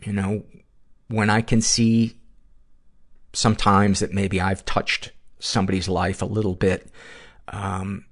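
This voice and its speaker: Deep husky guy reading a fan letter on his podcast, earnest, rambles a bit. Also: flat delivery, takes it slowly, long pauses. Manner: earnest, rambling, with asides and restarts. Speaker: podcast host. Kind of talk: reading a listener letter aloud, then casual reflection.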